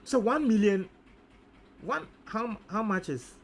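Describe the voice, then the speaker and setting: A Ghanaian man with a high voice talks through his sums out loud in relaxed commentary. He repeats figures to himself as he reasons. He slips easily between English and Twi phrases. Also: slow pace. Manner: thinks aloud, repeats figures, mixes in Twi. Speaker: news commentator. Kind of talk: casual commentary, working out sums aloud.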